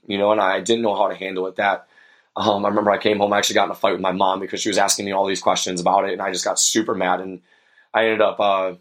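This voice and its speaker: Young male podcast host, slightly low voice, sincere and reflective storyteller. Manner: earnest and reflective, with many fillers. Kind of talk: personal storytelling monologue.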